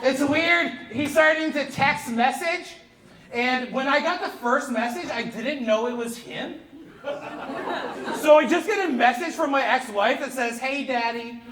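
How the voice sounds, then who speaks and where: A Canadian man in his thirties doing live stand-up comedy on a theater stage, animated and profane, working the crowd and breaking into shouts. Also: very high voice, measured pace. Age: 30s. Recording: echoey theater with loud crowd laughter. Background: audience laughter.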